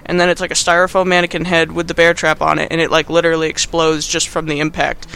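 Bright, high-voiced man rambling sarcastically. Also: monotone, quick pace, vocal fry, clean tone. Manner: rambling and sarcastic, heavy on fillers. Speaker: podcast host. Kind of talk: casual movie recap.

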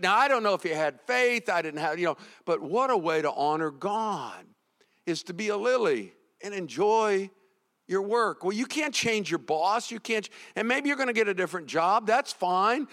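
A middle-aged man preaching a sermon as a pastor. He swings from hushed to loud, often repeating and restarting his words. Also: high-pitched, sing-song, moderate pace, in a large hall.

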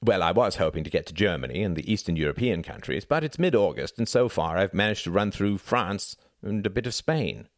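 A man's voice: low voice, expressive, brisk, hardly any pauses, no echo. Man doing an awkward young Englishman, formal, dry wit, storybook reading. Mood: wry.

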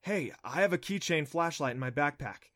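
A man's voice: a little high, animated, moderate pace, fairly bright tone, no echo, studio quality. A man voicing a curious, eager young boy who cracks jokes, in an audiobook reading.

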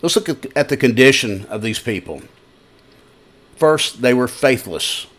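A man's voice: mid-range voice, animated, measured pace, fairly bright tone. A male pastor giving a broadcast sermon, with conversational, folksy storytelling and scripture reading.

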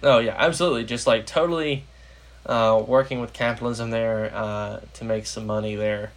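A man's voice: mid-range voice, fairly even intonation, normal speed. A young American man hosting a casual political podcast, rambling with lots of fillers. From United States. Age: young adult. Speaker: podcast host.

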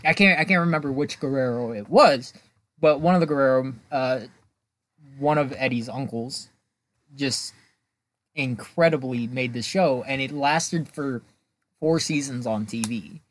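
Halting man in casual podcast chat. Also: medium pitch, dry recording. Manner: halting, repeats words. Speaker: podcast co-host.

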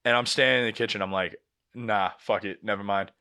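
Fairly low-pitched with vocal fry, a clean tone and a slightly fast pace, a young man tells a casual story as a podcast co-host. Animated throughout, he curses freely and voices what others said.

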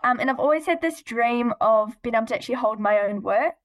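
A woman's voice: fairly high pitch, fast, highs cut off, faint music behind. Earnest, giggly teenage New girl. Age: teens. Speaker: guest, young poet. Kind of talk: casual interview chat.

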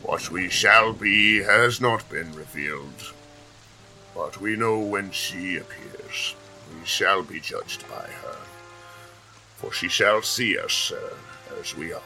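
A man voicing a male priest who leads a funeral with a slow, formal liturgical delivery, in a tabletop game. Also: deep voice, bright, forceful tone, faint music behind, heavily acted, rough recording. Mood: solemn.

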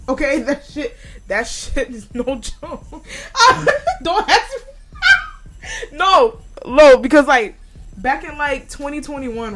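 A woman hosting a podcast, delivering a profane comedic rant and laughing often. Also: a little high. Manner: profane, loud, laughs a lot, yells mid-story. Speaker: podcast host. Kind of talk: casual comedic monologue.

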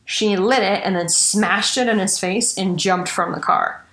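A woman's voice: mid-range voice, measured pace, a bit bright, roomy sound. A woman hosting a casual true-crime podcast, chatty and swearing casually. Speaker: podcast host.

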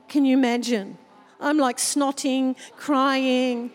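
A woman pastor with a high voice preaches a sermon at an unhurried pace and tells personal stories with open emotion. Her voice rings out with a long reverb from the church hall. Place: church service.

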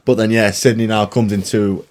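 Guy on a podcast, lowish voice, rattles off sweary chat, hiss behind. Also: flat delivery. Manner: fast, blunt, sweary. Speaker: podcast co-host. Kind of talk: casual film chat. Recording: noisy background.

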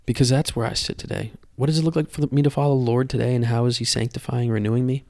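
Earnest young male podcaster, gravelly, dry close sound, halting testimony. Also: mid-range voice, steady tone, a little mellow, dry recording. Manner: earnest, halting, repeats words. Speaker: podcast host. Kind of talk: personal testimony.

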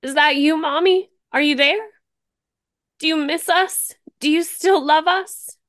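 Frightened teenage girl, read by a woman narrator, pleading, pitched up, loud. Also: measured pace, no room sound, clean studio sound. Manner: pleading, higher and louder. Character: frightened teenage girl calling to her dead mother.

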